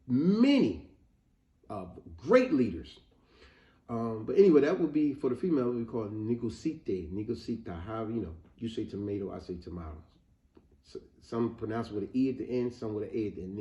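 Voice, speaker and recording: Male host, casual storytelling lesson, mellow tone, echoey muffled room sound. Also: mid-range voice. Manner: animated storytelling, addresses viewers as family. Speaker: educational video host. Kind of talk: casual spoken history lesson. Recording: roomy, slightly muffled home recording.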